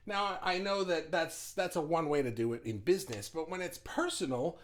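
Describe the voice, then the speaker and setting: A middle-aged business owner gives casual motivational advice, blunt and freely swearing, often restarting and stumbling over his sentences. His voice sits high with big pitch swings, at a normal speed with few pauses.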